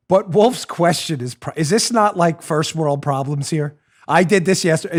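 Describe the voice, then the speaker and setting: A man's voice: a little high, measured pace, pauses often. A man hosting a political commentary show, ranting in a sarcastic, mocking way. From New York. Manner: sarcastic, mocking, animated rant. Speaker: host.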